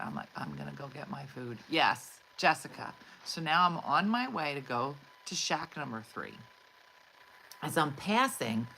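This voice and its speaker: A middle-aged woman, a comedian, telling an exasperated, animated story to her livestream audience and acting out the quotes. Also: sits low, slight background noise, low-quality recording. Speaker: comedian host. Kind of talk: storytelling monologue.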